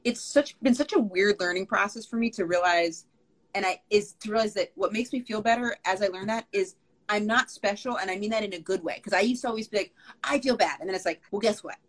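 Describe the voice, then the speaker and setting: A woman guest in a casual conversation who talks fast, with her words tumbling out. She is chatty and pokes fun at herself, often acting out her own past thoughts. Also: medium pitch, low-quality recording. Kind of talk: casual chat.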